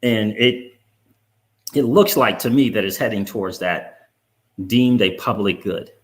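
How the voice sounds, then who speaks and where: A man's voice: lowish voice, measured pace. A man hosting a crypto video channel, talking casually to viewers and repeating words for emphasis.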